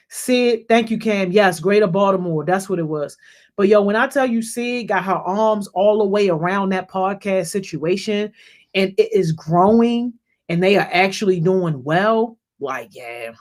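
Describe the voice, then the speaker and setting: Hosting a group call, a youth program leader hands out casual shout-outs and encouragement to young members. "Yo" comes constantly, phrases get repeated and restarted, and he grows louder and higher with energy when greeting people by name.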